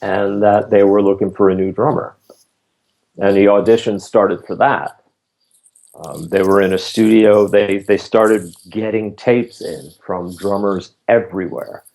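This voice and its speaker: A man in his fifties recounts his touring days at an easy pace. His voice sits low and has a gravelly edge. He tells his stories casually and laughs between them. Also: measured pace. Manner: relaxed anecdotal telling, laughs between stories. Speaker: former roadie and studio bassist, interview guest. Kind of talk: casual interview storytelling.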